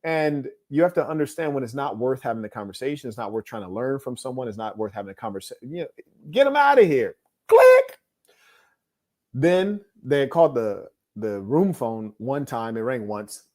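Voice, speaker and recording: A man's voice: mid-range voice, lively intonation, brisk, hardly any pauses, dark tone. A man talking in a blunt, dismissive monologue full of slang, often asking "you hear me?". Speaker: host. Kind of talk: casual monologue.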